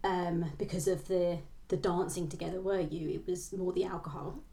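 A woman co-hosting a casual podcast, often pausing and restarting her sentences. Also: on the low side, fairly even intonation, warm tone. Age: 30s. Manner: hesitant, restarts mid-sentence. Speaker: podcast co-host. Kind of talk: casual book chat.

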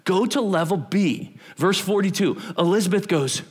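A man with a high voice preaches to a youth camp, and his pitch swings widely from line to line. He keeps it energetic and conversational, joking with his listeners and asking them questions as he teaches. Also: moderate pace, husky. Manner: energetic, conversational, jokes with the audience. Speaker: pastor.

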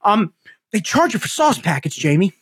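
A man's voice: sits high, sing-song, normal speed, fairly bright tone, slightly rough. A man hosting a podcast, ranting theatrically and swearing a lot in casual chat. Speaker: podcast host.

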